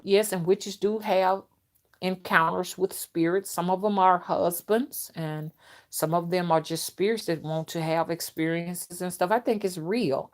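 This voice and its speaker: An older woman hosting a casual live stream, talking bluntly and loudly to her viewers and laughing often as she reads their comments. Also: on the low side. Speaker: spiritual reader and live-stream host.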